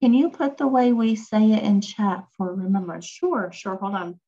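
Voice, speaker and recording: A woman teaching Hebrew online speaks in a mid-range, steady, mellow voice at a normal pace, captured in a muffled recording. Her casual lesson is chatty and peppered with ums as she reads questions from the chat and replies.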